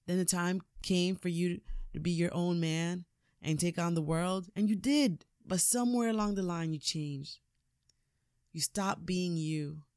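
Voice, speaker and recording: A woman voicing an aging boxer father, giving his grown son an earnest, rough-spoken talk. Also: fairly low pitch, unhurried, darkish tone, no echo, clean studio sound. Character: aging boxer father, tough, tender and plainspoken.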